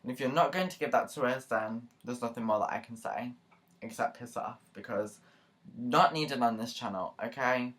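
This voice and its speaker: A woman's voice: a bass voice, moderate pace. A woman YouTuber talking casually to camera in a chatty, rambling, earnest way, with many asides and fillers. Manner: earnest and emotional. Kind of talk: casual vlog talk to camera.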